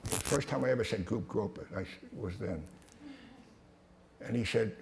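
An older man with a low, gravelly voice tells brash, profane stories in front of a crowd. He stumbles and restarts often. The sound is echoey and carries a faint hiss. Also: measured pace, a little mellow. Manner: profane, blunt, with many restarts and stammers. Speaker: speaker at a talk. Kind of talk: anecdotal storytelling talk. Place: hall with a live audience. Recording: echoey hall with some noise.

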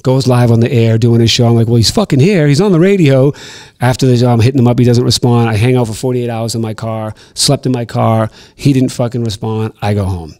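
A middle-aged man from Boston, telling stories as a podcast guest in an animated, profane way on a studio mic. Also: medium pitch, a little fast, hardly any pauses. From Boston, USA. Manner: animated, profane storyteller acting out quotes. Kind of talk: casual storytelling interview.

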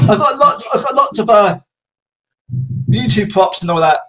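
A man's voice: high voice, animated, slow, a bit bright. Giggly man with a Suffolk accent. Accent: Suffolk English. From Suffolk, England. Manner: giggly, teasing, repeats greetings in a mock police voice. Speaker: YouTuber on video chat. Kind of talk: playful video chat with strangers.

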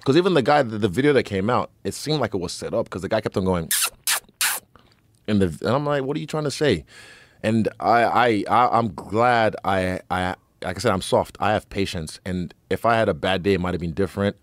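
Brief: low-voiced New man, podcast guest, anecdote-heavy, cursing, dry close studio mic. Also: animated, brisk, dry recording. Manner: storytelling, swearing freely, quoting others with laughs. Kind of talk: casual podcast chat.

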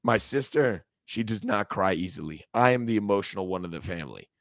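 A man's voice: lowish voice, expressive, a little fast, creaky, a bit bright, no room sound. Emotional man on a podcast, dry sound. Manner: emotional, swearing, voice breaking. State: close to tears. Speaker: podcast co-host. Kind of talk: casual podcast chat.

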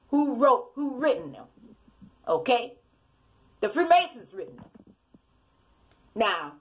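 Fiery scolding woman preaching with wide swings. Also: a little high. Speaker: self-styled preacher. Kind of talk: preaching rant to commenters.

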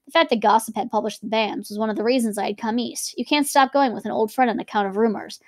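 A young woman reading a novel aloud and breaking off now and then for chatty, lively comments about it. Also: fairly high pitch, fast talker, no room sound, clean studio sound. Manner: lively, switching between reading and chatty asides. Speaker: reader and teacher.

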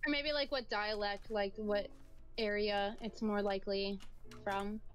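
A woman's voice: mid-range voice, fairly even intonation, unhurried. A woman streaming a video game, chatting playfully with giggles and sing-song bits. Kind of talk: casual gaming chat.

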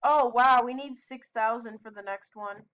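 A woman giving casual gameplay commentary with friends, excitable, with yelping protests and quick asides. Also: on the high side, smooth, rough recording. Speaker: gaming video host.

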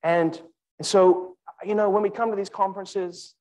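Man, sermon to university students, emphatic, animated, wide pitch swings, slow repeated key lines. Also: muffled recording. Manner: addresses listeners directly by name. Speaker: conference speaker.

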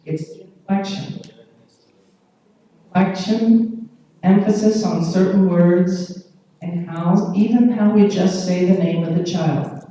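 A woman's voice: fairly low pitch, dark tone. A woman giving a conference lecture, explaining patiently and often checking in with the audience by asking "okay?". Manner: explains patiently with pauses and fillers. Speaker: conference speaker. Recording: echoey hall, distant mic.

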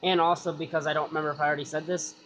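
A man's voice: a little high, level tone, rapid-fire, a bit bright. A man giving loose, rambling gameplay commentary, cursing casually and thinking aloud. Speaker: gaming YouTuber. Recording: dull lo-fi sound with clear noise.

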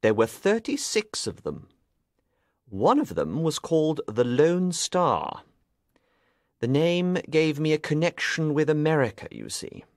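A man playing a sharp, determined detective in an audiobook, speaking clearly and deliberately. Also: a little high, very animated, no echo, studio quality. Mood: explaining. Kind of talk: audiobook reading.

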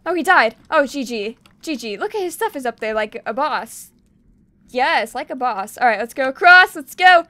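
A young woman with a high, bright voice gives bubbly gameplay commentary, squealing and cheering as she plays. Her sound is close and dry, with keys clacking behind her. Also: brisk, no room sound. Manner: excitable, shrieking at kills and cheering. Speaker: gaming YouTuber.

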